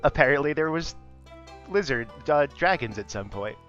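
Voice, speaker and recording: A man's voice: a little high, lively intonation, moderate pace, a bit bright. A young man casually chatting while streaming a game, explaining things easily and laughing often. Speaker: podcast co-host streaming a game. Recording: slightly dull audio with faint music.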